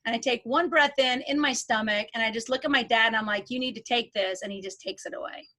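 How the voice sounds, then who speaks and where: A middle-aged woman talking candidly as an interview guest, with a bright, sharp tone. Her voice sits a little high. She tells her personal stories in a lively way. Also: fast. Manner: candid, animated storytelling. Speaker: guest, life coach. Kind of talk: casual interview chat.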